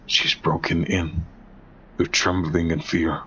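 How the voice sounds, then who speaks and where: A man narrating a second-person horror story in a slow, deliberate, ominous way. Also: low voice, steady tone, bright, forceful tone, muffled recording, slight background noise.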